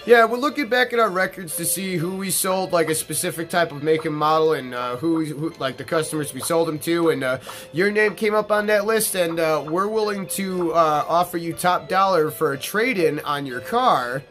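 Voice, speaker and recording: A man voicing a pushy male car salesman making a smooth sales pitch over the phone, full of fillers. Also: normal speed, fairly bright tone, soft background music, natural voice. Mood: salesy.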